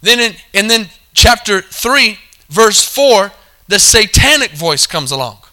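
Man preaching, high voice, very bright and forceful tone, calls for amens, repeats himself. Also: big pitch swings, measured pace. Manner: calls for amens, repeats points, corrects himself mid-sentence. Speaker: pastor. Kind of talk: sermon.

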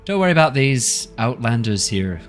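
A man voicing a showy male bard who is hungry for attention, speaking slowly and coaxingly. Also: medium pitch, big pitch swings, faint music behind, pitched above the performer's own voice, close to an everyday voice.

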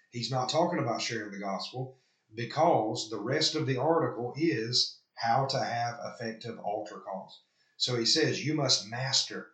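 A man's voice: medium pitch, fairly bright tone, echoey room, low-quality recording. A man preaching a sermon, earnestly reading quoted lines aloud and then rebutting them. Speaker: pastor. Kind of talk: sermon critiquing an article.

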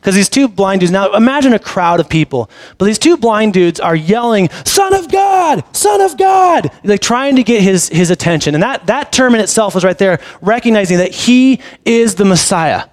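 A man preaching a sermon in a casual, animated storytelling way, sometimes dropping to a soft, intimate low voice. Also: moderate pace, hardly any pauses, no room sound. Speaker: pastor.

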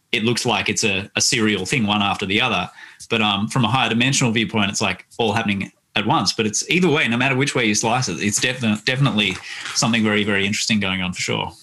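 Bright low-voiced Australian man. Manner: thoughtful, musing explanations with fillers. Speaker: guest author. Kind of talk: reflective interview talk.

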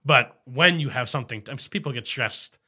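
Sharp-voiced laughing young man. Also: mid-range voice, fairly quick, husky. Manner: laughs often, stammers and restarts when excited. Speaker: podcast co-host. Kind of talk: casual chat.

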